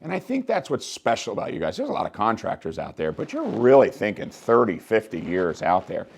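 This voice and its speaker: A man hosting an interview show, encouraging, with steady affirmations, apparently from Maryland. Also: on the low side, brisk, creaky, slight background noise. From Maryland, USA. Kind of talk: interview host.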